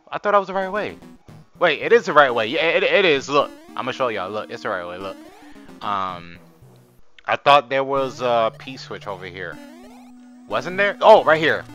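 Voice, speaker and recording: A young man giving chatty, excitable gameplay commentary as host, talking to viewers and swearing, a bit hoarse from screaming. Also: mid-range voice. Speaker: gaming channel host.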